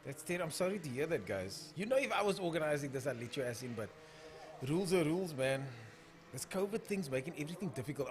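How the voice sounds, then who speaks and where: A man's voice: on the high side, very animated, quick pace, a little hiss or hum. A young man with a South African accent hosting a casual live stream of drag racing, calling the races and chatting through viewer comments.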